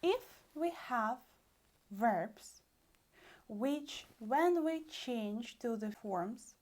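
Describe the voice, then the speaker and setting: A young woman with a Russian accent teaches an online lesson in a fairly high voice. She takes her time, slowing down to stretch out each example. She keeps the tone animated and keeps calling her listeners dear friends.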